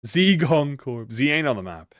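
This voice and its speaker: A man's voice: medium pitch, sing-song, normal speed, dry recording. A man live-streaming a game and chatting to viewers. His talk rambles, corrects itself and trails off into mumbles. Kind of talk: casual live-stream chat while gaming. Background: faint game music.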